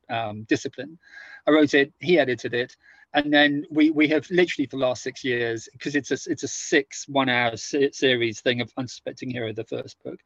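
A man's voice: fairly high pitch, dry recording. A man speaking as a guest author in an interview, hesitant and full of restarts. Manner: hesitant, many restarts and fillers. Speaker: guest, author and former army officer. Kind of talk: conversational interview. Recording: dull, dry, lo-fi sound.

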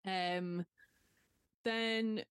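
A woman's voice: mid-range voice, steady tone, drawn-out words, clear, resonant tone, dry recording, clean studio sound. A young woman co-hosting a podcast, chatting casually and retelling film scenes with animation. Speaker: podcast co-host.

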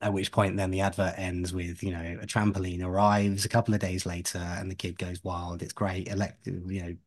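A man with a lowish voice, talking at home in a relaxed podcast chat. He rambles and drifts off on tangents, with laughing asides along the way. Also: fairly quick. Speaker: podcast co-host.

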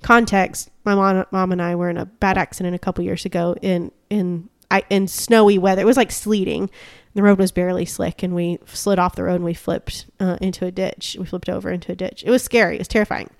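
A young woman chatting casually as a podcast co-host, telling stories with lively acted-out quotes. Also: fairly low pitch, a little fast, gravelly, dry recording, studio quality. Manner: animated storyteller, acts out quotes. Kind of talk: casual chat.

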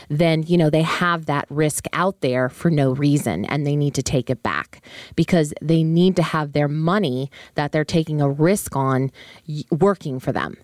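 Low-pitched lady chatting thru credit stuff solo, lots of fillers, dry mic. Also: darkish tone, dry recording. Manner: chatty, conversational, frequent fillers and asides. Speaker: podcast host on personal finance. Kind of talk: casual solo explainer.

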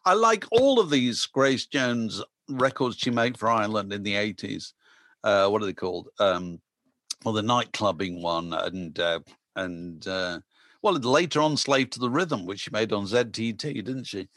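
A man's voice: lowish voice, a little slow, a bit bright, no echo. A man talking casually about records and past interviews. He rambles and restarts often, with many asides, on a close mic in a dry room. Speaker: music podcast co-host.

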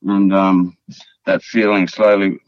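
Slow and deep, with little pitch movement, an Australian man from the Northern Territory spins a rambling yarn as a podcast guest. Swearing, fillers, and repeated words fill his casual telling. The lo-fi podcast audio sounds dull and dry.

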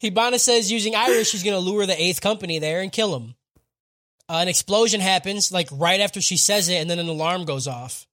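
A man's voice: high-pitched, brisk, sharp tone. A man co-hosting a casual comedy podcast, recapping a show in a rambling, joking way with lots of swearing. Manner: rambling, joking, swears a lot, slips into silly quoted voices. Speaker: podcast co-host recapping an anime episode.

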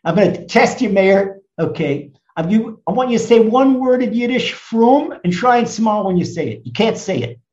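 A man in his seventies from the United States, a rabbi telling stories emphatically in a conversation, swinging from loud to hushed. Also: sits high, lively intonation, brisk, few pauses, roomy sound, muffled recording. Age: 70s. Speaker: rabbi and guest speaker. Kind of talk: animated storytelling in conversation.

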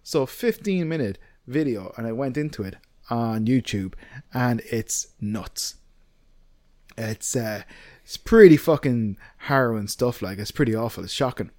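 A man's voice: mid-range voice, unhurried, no echo, clean studio sound. Rambling Irish man telling a story. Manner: rambling, animated, swears, many fillers. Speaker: podcast co-host. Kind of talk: casual chat, storytelling.

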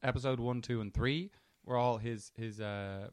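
A young man in his twenties chats animatedly, peppering his talk with swearing and quick asides. His voice is mid-pitched, and the recording sounds dry and close. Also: fairly even intonation, smooth, no echo. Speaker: podcast co-host. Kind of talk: casual chat.

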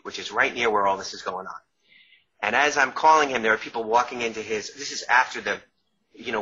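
Male guest with a New York accent, husky bright tone, chatty and self-interrupting; muffled lo-fi audio. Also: mid-range voice. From Long Island, New York. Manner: rambling, self-interrupting, laughs through stories. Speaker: guest, author and former caterer. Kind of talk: casual storytelling interview. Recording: dull lo-fi sound.

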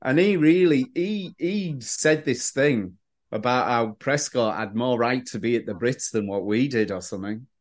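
A man's voice: medium pitch, moderate pace. A man appearing as a podcast guest, telling anecdotes in casual chat with lots of restarts. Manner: animated storyteller with frequent restarts.

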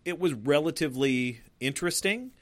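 A man's voice: a little high, normal speed, no room sound. Laid-back man chatting about a film. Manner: animated, profane, laughs often. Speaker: podcast co-host. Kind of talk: casual movie discussion.

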